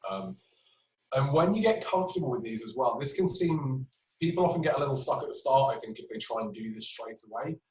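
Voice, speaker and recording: A clinical trainer teaches communication skills over a webinar, using patient examples and frequent fillers. His medium-pitched voice is expressive, fairly quick and a little mellow. The webinar recording is roomy, distant and dull, with a little hiss or hum.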